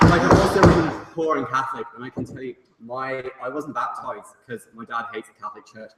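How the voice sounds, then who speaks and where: A man's voice: medium pitch, big pitch swings, measured pace. A young man, talking in a loose, teasing, filler-packed way through a comic debate speech. He is picked up from a distance in a long-ringing hall. The recording carries heavy noise. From England. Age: young adult. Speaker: student debate speaker. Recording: echoey hall, far mic, loud noise.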